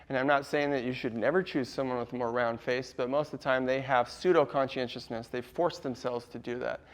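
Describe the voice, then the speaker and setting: A man's voice: medium pitch, smooth. A man presenting a casual workshop to a live audience, laughing often and quizzing the room.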